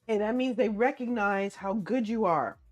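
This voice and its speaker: A woman's voice: mid-range voice, normal speed, faint music behind. A woman streaming late at night, chatting casually with her viewers as she eats, answering chat and laughing often. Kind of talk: casual livestream chat while eating.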